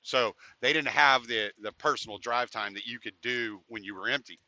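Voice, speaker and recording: A man's voice: medium pitch, normal speed, pushed and bright, dry recording. A man hosting a podcast, telling a rambling, profane story in casual chat about his life as a truck driver. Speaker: podcast host. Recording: dull, dry, lo-fi podcast audio.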